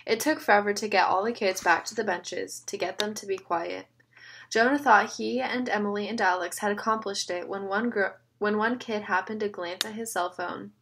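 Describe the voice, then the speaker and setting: Gravelly-voiced woman narrating a story. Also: medium pitch, steady tone, normal speed, fairly bright tone, a little hiss or hum. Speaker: audiobook narrator. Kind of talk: scripted narration.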